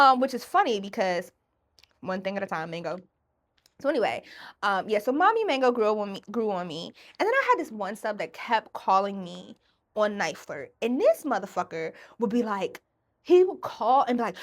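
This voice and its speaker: Animated, profane woman podcast host. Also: mid-range voice, brisk. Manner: animated, profane, acts out voices. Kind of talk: casual solo monologue.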